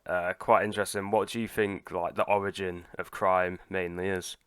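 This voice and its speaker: Male host, very low smooth voice, thoughtful interviewer, dry close sound. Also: little pitch movement, moderate pace, a bit bright, no echo. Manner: thoughtful, asks probing questions. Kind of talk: casual podcast interview.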